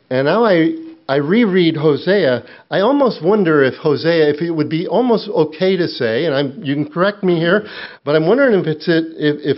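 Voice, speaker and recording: A middle-aged man preaching a sermon, slow and earnest, dropping low and quiet when he tells his own story. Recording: dull lo-fi sound.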